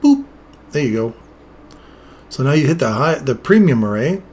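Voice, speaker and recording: A man's voice: medium pitch, lively intonation, moderate pace, breathy edge. A man explaining chart setups in casual live trading commentary, chatting with viewers as he goes. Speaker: trading streamer.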